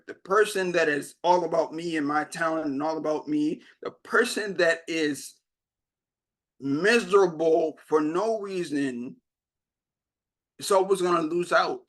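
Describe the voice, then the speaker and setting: A man's voice: a little high, a bit bright. A young man giving a motivational keynote, telling his story and acting out the dialogue. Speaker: keynote speaker.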